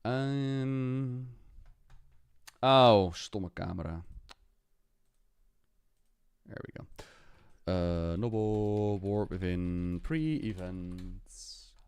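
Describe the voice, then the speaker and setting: A man, chatty and excitable, commenting live to his stream chat and talking to the game. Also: lowish voice, extremely slow, long pauses, clear, resonant tone, no room sound.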